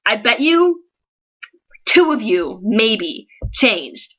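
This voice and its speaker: A woman's voice: fairly high pitch, sing-song, extremely slow, dull audio. A young woman, giving an earnest, emotional vlog speech to her followers, pleading and scolding by turns. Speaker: founder of an online support page.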